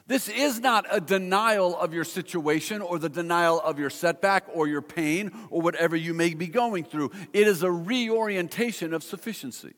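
A middle-aged man preaches from the pulpit in a measured, emphatic way, drawing out the scripture he quotes. His voice sits fairly high for a man. The sound carries a long reverb, as in a large church hall. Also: a bit bright. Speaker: pastor. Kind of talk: sermon.

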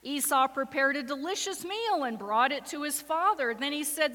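Woman pastor, sermon, high voice, acts out scripture voices, long hall echo. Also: moderate pace, hardly any pauses, pushed and bright. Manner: acts out the voices in the story with rising emotion. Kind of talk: sermon with dramatic scripture reading. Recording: reverberant hall.

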